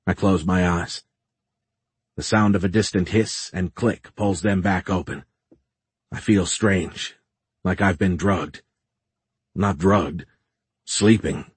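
A man narrates a first-person audiobook in a measured, tense manner. His voice is low and husky. The recording is dry and close. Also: no echo.

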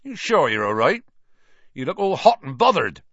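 A man voicing a huge, gruff, kindhearted gamekeeper. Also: a little high, very animated, normal speed, a bit bright, dry recording, pitched above the performer's own voice. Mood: concerned. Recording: dry, slightly muffled audio.

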